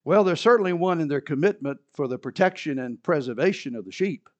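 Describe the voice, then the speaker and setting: A man preaching a sermon in a church, moving between loud emphatic repetition and low conversational asides. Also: animated, fairly quick, muffled recording. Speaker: pastor.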